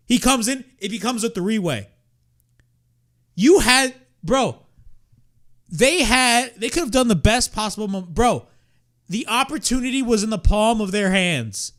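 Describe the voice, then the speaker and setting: Young man, high voice, swinging pitch, slow deliberate delivery, exasperated profane rant. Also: lively intonation, fairly bright tone. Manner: exasperated, profane, repeats himself. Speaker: wrestling reaction host. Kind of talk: ranting watch-along commentary.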